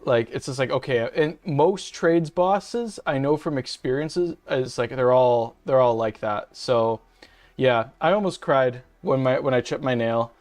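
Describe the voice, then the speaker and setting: With a darkish, medium-pitched voice and a measured pace, a young femboy streamer hosts his channel from home, ranting casually to viewers. The talk is profane and rambling, full of venting, and is captured by a webcam and desk mic.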